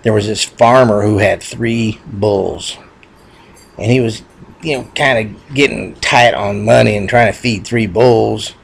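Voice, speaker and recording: Gravelly rambling joke teller. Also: male voice, fairly low pitch, fairly even intonation, unhurried. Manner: rambling, folksy, self-correcting. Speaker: joke teller, channel host. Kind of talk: casual joke telling.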